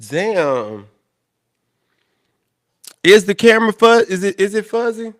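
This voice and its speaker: A young man hosting a livestream chats casually with viewers, loud and exasperated, swearing bluntly at tech trouble. His high-pitched voice is animated yet slow.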